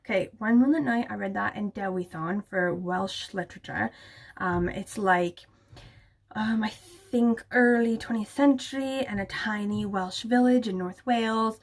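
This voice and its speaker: A woman's voice: medium pitch, measured pace, vocal fry. A young woman chatting casually to camera about books, gushing and full of filler words. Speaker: book vlogger.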